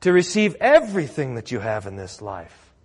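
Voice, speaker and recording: A man's voice: mid-range voice, huge pitch swings, moderate pace, husky, in a large hall. A man preaching a sermon as pastor, telling the story with acted-out quotes and laughing along.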